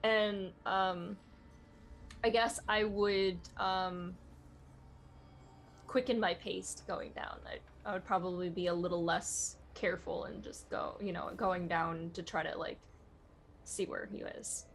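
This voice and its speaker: A woman playing in a tabletop role-playing game, chatty and questioning, quick to joke. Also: fairly low pitch, fairly even intonation, creaky, slight background noise. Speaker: player. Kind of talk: casual tabletop play.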